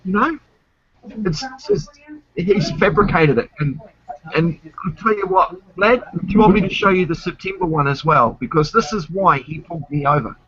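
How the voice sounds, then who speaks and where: A man's voice: high voice, moderate pace, fairly bright tone, slightly rough, highs cut off. A man chatting casually on his stream, indignant and swearing freely. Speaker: streamer host. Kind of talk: casual chat.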